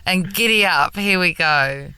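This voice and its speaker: Bright, crisp camp Australian woman. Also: fairly low pitch, unhurried, no room sound. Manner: camp, playful, laughs often. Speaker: comedian guest. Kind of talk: casual interview chat.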